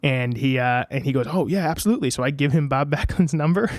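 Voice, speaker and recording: A man with an American accent telling stories as a podcast guest in a casual interview, acting out other people's lines with lively pitch jumps. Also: brisk, dry recording, clean studio sound. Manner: animated, acts out quoted voices.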